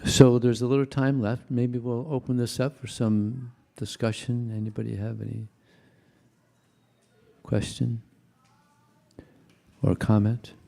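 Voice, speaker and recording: A man's voice: mid-range voice, flat delivery, a little slow, vocal fry, pauses often, warm tone. An older man giving a devotional talk to a congregation, telling anecdotes in a chatty, conversational way. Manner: anecdotal, chuckling, conversational storyteller. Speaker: temple speaker.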